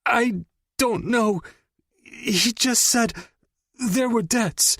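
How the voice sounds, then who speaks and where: A man voicing a terrified male captive who sobs and pleads in high, strained cries. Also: very slow, a bit bright, no echo, studio quality, full character voice. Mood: terrified pleading.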